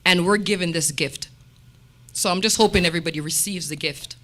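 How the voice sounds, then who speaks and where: A woman sharing a testimony at a church meeting, telling stories with lively quoted dialogue. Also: fairly low pitch, a little fast. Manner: animated storytelling with quoted dialogue.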